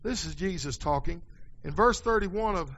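A man preaching a folksy sermon in a church, dropping quiet and then rising to hollering. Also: sits high, lively intonation, moderate pace, dull audio, a little hiss or hum.

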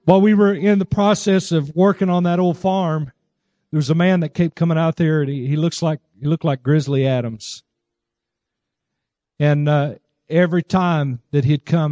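A fervent male preacher with a high voice, swinging from low storytelling into soaring shouts of praise during a church service. The sound is dry and a little dull, with no room echo. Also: a little slow, long pauses. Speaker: pastor. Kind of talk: sermon.

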